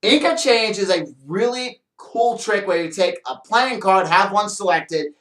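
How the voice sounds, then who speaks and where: A man's voice: high voice, lively intonation, measured pace, fairly bright tone, reverberant. A man hosting a magic show, explaining tricks in a chatty, rambling way with lots of fillers. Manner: chatty, rambling, with many fillers and playful asides. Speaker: magician host. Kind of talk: casual how-to talk on magic. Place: small room with a counter and shelves.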